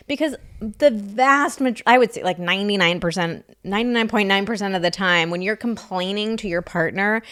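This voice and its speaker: Lively woman giving relationship advice. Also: medium pitch. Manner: lively, explains with many "like" fillers. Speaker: podcast co-host, sex therapist. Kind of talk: relationship advice podcast chat.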